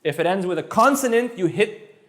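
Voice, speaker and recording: Man, high voice, French mother tongue, animated Spanish tutor, playful, repeats himself. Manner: animated, quick, with playful asides and repeated words. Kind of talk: energetic one-on-one language lesson.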